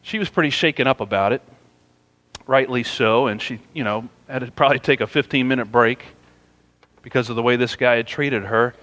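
A man's voice: medium pitch, fairly quick, fairly bright tone, long reverb tail. A man preaching a sermon in a conversational, storytelling way, often saying "you know" as he goes. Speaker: pastor.

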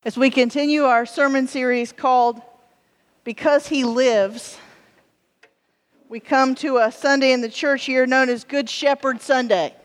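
A woman's voice: high-pitched, fairly even intonation, unhurried. A woman pastor preaching a sermon in a humorous, self-deprecating way, with frequent ums and restarts. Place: church sanctuary. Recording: long church reverb.

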